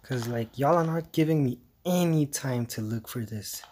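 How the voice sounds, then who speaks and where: A man playing a horror game, muttering jittery, exasperated commentary with hushed asides. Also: mid-range voice, moderate pace, slight background noise. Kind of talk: let's-play commentary.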